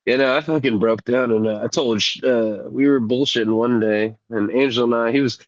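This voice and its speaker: A man's voice: mid-range voice, steady tone, fairly quick, no room sound, muffled recording. A man who is sick, co-hosting a podcast and telling profane, laid-back stories in casual chat. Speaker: podcast co-host.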